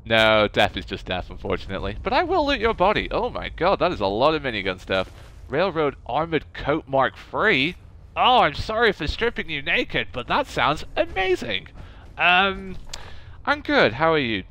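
In a let's play, a male gaming YouTuber jokes and chats through the game, addressing the on-screen characters directly. His medium-pitched voice is clear, resonant and fairly bright.

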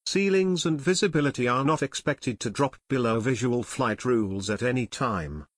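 A man voicing a calm, grim adult pilot in an audiobook, speaking steadily. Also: medium pitch, moderate pace, no echo, clean studio sound, close to an everyday voice.

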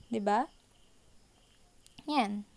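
A woman's voice: mid-range voice, extremely slow, gravelly, darkish tone. A woman teacher with a Filipino accent explains art concepts from slides, switching between English and Tagalog and often checking in with her students. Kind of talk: recorded online lecture over slides.

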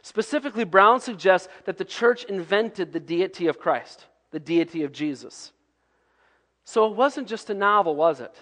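A male pastor giving a sermon in a conversational preaching manner, sometimes dropping to hushed tones. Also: high-pitched, expressive, normal speed, big-room sound.

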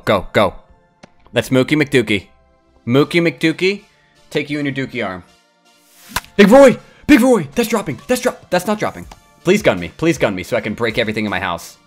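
A young man giving crude, excitable live commentary while he plays a video game, trash-talking and yelling at the screen. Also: mid-range voice. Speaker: gaming streamer.

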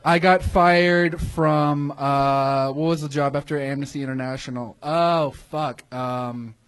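A man's voice: on the high side, fairly even intonation, slow. Young Texas man with a lisp. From Houston, Texas. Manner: hesitant, rambling, self-deprecating. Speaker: comedian guest being interviewed. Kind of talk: casual live interview.

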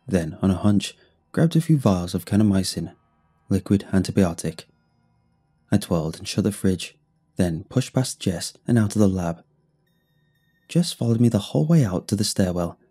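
A man narrating a first-person horror story in a measured, dramatic reading. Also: mellow, breathy edge. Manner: measured, dramatic reading with sudden pitch lifts.

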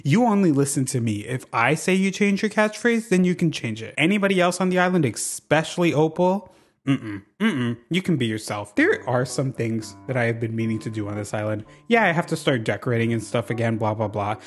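A man hosting his channel with casual gameplay commentary, sassy and gossipy, swearing freely and swinging from loud bursts to low mutters. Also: lively intonation, a little fast, faint music behind. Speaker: channel host.

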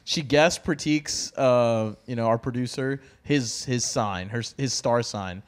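Excitable laughing podcast host man. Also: mid-range voice, a little slow. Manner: excitable, swearing, laughing often. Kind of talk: casual chat.

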